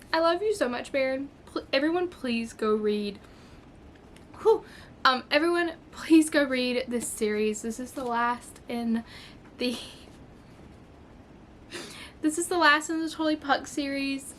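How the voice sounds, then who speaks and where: A woman in a casual book vlog, talking in a gushing, excitable way with plenty of fillers. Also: on the high side, a little hiss or hum. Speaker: book vlogger. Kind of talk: casual chat.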